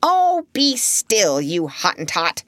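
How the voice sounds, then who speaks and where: A woman reading a storybook aloud, voicing a bossy, sharp-tongued old female parrot in a shrill, snapping manner. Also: wildly swooping pitch, measured pace, dry recording, studio quality, exaggerated voice. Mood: snappish.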